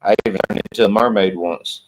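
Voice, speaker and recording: Man, low voice, folksy emphatic talk, casual live-stream host, repeats points. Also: fairly even intonation, fast, a little hiss or hum, low-quality recording. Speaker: livestream host. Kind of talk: casual panel chat.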